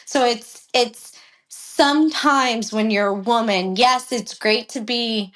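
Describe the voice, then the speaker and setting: A woman jockey in a casual interview, animated and blunt, acting out heated exchanges and swearing freely. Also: fairly high pitch, slow. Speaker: guest, professional jockey.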